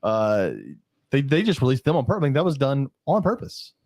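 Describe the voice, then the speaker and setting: A man's voice: medium pitch, sing-song, brisk, a little mellow, no room sound, studio quality. A man hosting a podcast, chatting in a laid-back, joking way and swearing casually. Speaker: podcast host.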